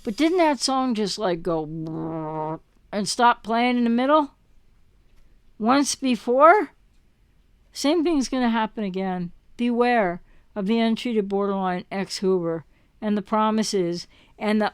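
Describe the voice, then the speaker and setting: Her voice mid-range and expressive, a relationship recovery coach speaks at a slow pace in an impassioned monologue directed at the camera. Rhetorical questions and emphatic repetition mark her coaching, and the dry studio-quality recording has a clean tone.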